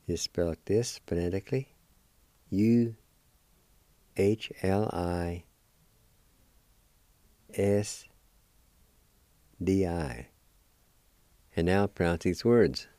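A man with a very low, dark voice teaches vocabulary at an unhurried pace. He spells each word, then repeats it several times with patient encouragement. The sound is dry and close. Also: no room sound. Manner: slow, patient, spells words out and repeats them. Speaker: language teacher and radio host. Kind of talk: radio language lesson.

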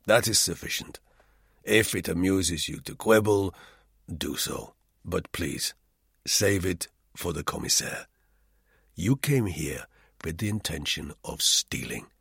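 Male narrator doing a cold, sneering spy: deep, husky, dry, contempt in every line. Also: animated, slow, dry recording, full character voice. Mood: weary, cold. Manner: icy and acid, softly contemptuous. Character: cold, sardonic, menacing middle-aged male spy. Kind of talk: audiobook character reading.

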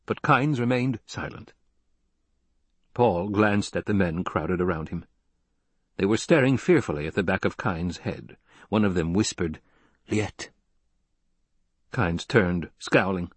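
Male narrator, husky, mid-pitched, dry close sound, steady audiobook read. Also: unhurried, no echo. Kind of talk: scripted narration.

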